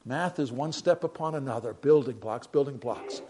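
An older man preaching a sermon, moving between quiet reflective passages and emphatic raised declarations. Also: mid-range voice, moderate pace, a little hiss or hum.

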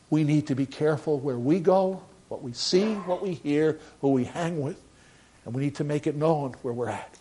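A man's voice: a little high, darkish tone. An older man, a pastor, preaching a sermon in a conversational way that rises into emphatic bursts.

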